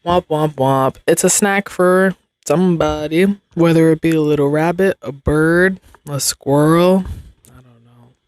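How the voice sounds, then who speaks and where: A woman's voice: deep voice, fairly even intonation, unhurried, a little mellow, clean tone, dry recording. A young adult woman hosting a podcast, rambling in casual chat with slang and frequent laughs. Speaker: podcast host.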